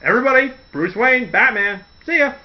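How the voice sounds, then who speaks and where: A man's voice: extremely high pitch, animated, fairly quick, muffled recording, pitched above the performer's own voice. A man putting on the voice of a gleeful, gloating male supervillain, giddy and dismissive.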